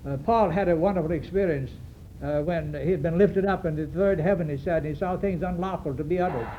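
A man preaching a sermon to his congregation, earnest and halting, with many fillers and restarts. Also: a little high. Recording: dull lo-fi recording with faint hiss.

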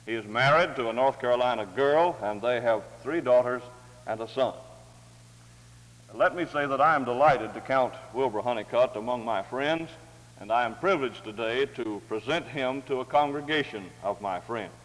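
A man reading scripture aloud and introducing a speaker, with a measured, formal, dignified delivery. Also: mid-range voice, a bit bright. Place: large hall or chapel. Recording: long hall reverb.

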